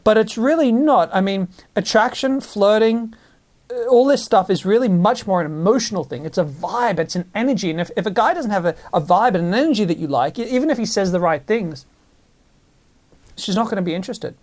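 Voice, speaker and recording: A man, possibly, telling stories in a casual monologue, animated and full of restarts. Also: sits high, a little fast. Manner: animated storytelling with many restarts.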